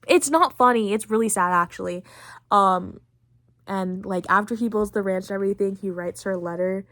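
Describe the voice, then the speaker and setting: A woman's voice: medium pitch, normal speed, a bit bright, dry recording, studio quality. A young woman hosting a podcast, rambling through a casual recap with lots of fillers and plenty of feeling. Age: late teens. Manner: rambling, heavy on fillers, emotional about the story. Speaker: podcast host.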